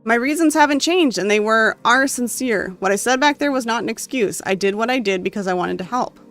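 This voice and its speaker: A gamer reading a story game's text aloud with emotional, expressive delivery and occasional asides. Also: medium pitch, brisk, soft background music. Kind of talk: dramatic reading of game text.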